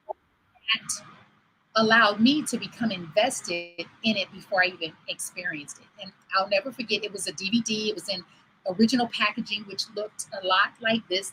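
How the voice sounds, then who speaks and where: A woman's voice: mid-range voice, sharp tone, slight background noise, poor audio. A woman over forty hosting a livestream show, telling stories in a chatty way and acting out what people said. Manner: chatty storytelling, acts out quoted dialogue. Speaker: host. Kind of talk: livestream talk. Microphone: livestream computer mic.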